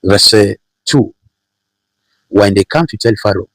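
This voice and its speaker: A man's voice: lowish voice, moderate pace, long pauses, fairly bright tone, dry recording, rough recording. A man preaching a sermon, emphatic and repetitive, driving his points home with rhetorical questions.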